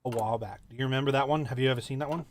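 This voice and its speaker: A man hosting a casual gaming chat, telling stories with animated repeats. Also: medium pitch, very fast, no echo. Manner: animated storyteller, repeats phrases.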